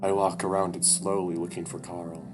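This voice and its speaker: A man's voice: deep voice, little pitch movement, moderate pace, over music. A man reading a visual novel aloud in a casual way, swearing and breaking off for his own asides.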